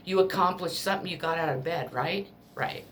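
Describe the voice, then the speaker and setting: A woman's voice: lowish voice, brisk, fairly bright tone, slight background noise. A woman reading tarot cards in a casual spiritual pep talk, earnest and emotional, blunt and ready to swear. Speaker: tarot card reader.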